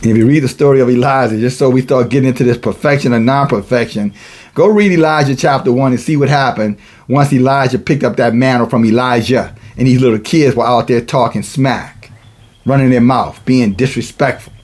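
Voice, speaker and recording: A man's voice: medium pitch, a little fast, darkish tone. A man preaching a sermon, mixing casual asides and chuckles with emphatic, rising passages.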